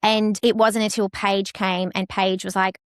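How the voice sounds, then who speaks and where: A woman's voice: medium pitch, little pitch movement, measured pace, smooth, dry recording, clean studio sound. Blunt, opinionated woman co-host. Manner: blunt, opinionated, swears freely. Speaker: podcast co-host. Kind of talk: casual chat.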